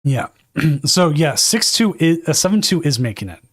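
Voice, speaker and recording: Here a man with a fairly high voice and big swings in pitch talks at normal speed, in clean studio sound with no room noise. He's casting a live card tournament from his desk at home, offering loose, chatty commentary and correcting himself often.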